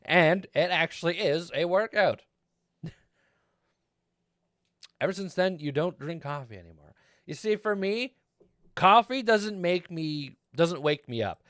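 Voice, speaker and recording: A male streamer chatting casually with viewers while he plays, rambling and laughing often. His voice sits fairly high and swings widely in pitch. He is close to a desk mic in a dry-sounding space. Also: animated, a little slow, long pauses, a bit bright, no room sound. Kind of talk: casual gameplay chat.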